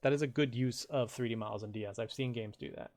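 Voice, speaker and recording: A man streaming a game and reading out viewer quotes in casual, rambling chat, jumping into loud, high voices when he quotes someone. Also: fast.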